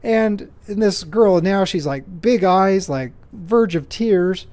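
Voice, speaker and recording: A man's voice: high voice, lively intonation, slow pace, darkish tone. A man hosting his own podcast, telling stories in a rambling, self-deprecating way with lots of fillers. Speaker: podcast host. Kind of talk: casual solo monologue.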